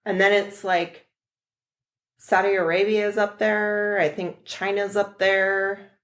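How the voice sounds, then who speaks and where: A woman co-hosting a podcast in casual chat, speaking in an unhurried, chatty way. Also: mid-range voice, little pitch movement. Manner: unhurried, chatty, laughs often. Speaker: podcast co-host.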